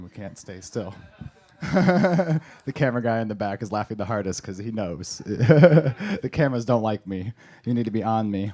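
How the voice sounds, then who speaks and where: Low-voiced man emceeing a comedy night. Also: lively intonation, moderate pace, dark tone. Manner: loose, joking banter. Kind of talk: emceeing between acts. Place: comedy club stage.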